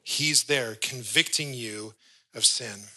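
Bright-voiced man preaching a sermon. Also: mid-range voice, takes it slowly, slightly rough, rough recording. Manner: storytelling, acts out little dialogues. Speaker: pastor.

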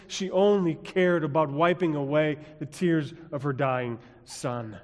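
Male pastor, sermon, slightly high voice, dramatic hushed-to-strong delivery, reverberant church. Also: a little slow, hardly any pauses. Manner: dramatic storytelling with quiet drops and rising emphasis. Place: church sanctuary.

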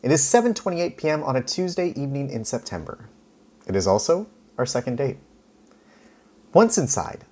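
A man from Canada reads his own first-person story aloud, wry and expressive. His voice is slightly husky, with a mid pitch. His intonation rises and falls widely, and he leans on dramatic pauses. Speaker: author reading his story.

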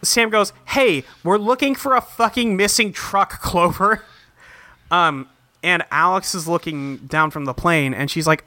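A man co-hosting a casual podcast chat, recapping a cartoon and acting out the characters' lines in quick put-on voices, swearing freely. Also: high voice, sharp tone, dry recording. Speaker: podcast co-host.

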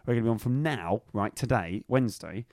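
A man's voice: fairly low pitch, lively intonation, brisk, a little mellow, no room sound, clean studio sound. A man hosting a comedy podcast in casual chat, rambling and self-mocking, recording in a bedroom. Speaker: podcast host. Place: bedroom in a rented flat.

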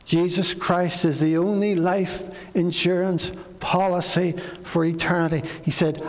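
A man's voice: high voice, flat delivery, measured pace, hardly any pauses, long reverb tail. A man preaching a sermon as pastor, earnest, repeating phrases and acting out pleas.

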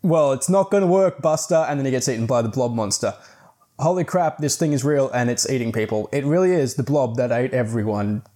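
A man's voice: mid-range voice, fairly quick, warm tone. A man giving a casual, rambling book review, recapping the plot with fillers and the odd swear. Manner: chatty, rambling, swears now and then.

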